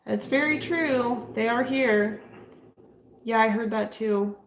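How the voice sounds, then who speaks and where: A woman's voice: a little high, slow pace, echoey room, noisy background. A woman chatting casually during a ghost-hunting session at a house. She keeps trailing off and restarting, and she stops to ask the spirits questions. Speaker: paranormal investigator. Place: room inside a house.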